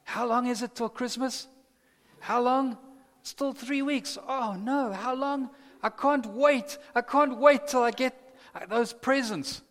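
A man's voice: very high voice, slow, a bit bright, voice pushed up, exaggerated voice. A man putting on the voice of an eager, impatient little girl who can't wait for Christmas. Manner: whiny, eager, childish pleading. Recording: long reverb of a large hall.

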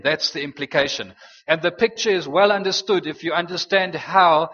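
A man preaching a sermon, slowing down and rising on key phrases for emphasis. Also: on the high side, pushed and bright. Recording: dull sound in a long-reverb hall.

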